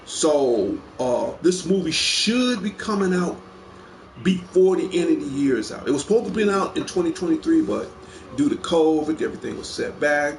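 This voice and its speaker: In an echoey room with slight background noise, a man with a voice on the high side hosts a casual show. He chats eagerly about movies, rambling and repeating lots of words.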